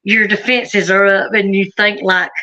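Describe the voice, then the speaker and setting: A woman's voice: medium pitch, level tone, measured pace, pushed and bright, muffled recording. A woman from Alabama with a Southern accent, telling her story in a chatty, rambling way with frequent laughs. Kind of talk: casual storytelling on a live stream.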